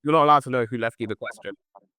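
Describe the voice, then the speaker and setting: A man's voice: mid-range voice, racing, sharp tone, clear, resonant tone, no room sound. Rambling man hosting a podcast. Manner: rambling, loose questions with restarts. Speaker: podcast host. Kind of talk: casual chat.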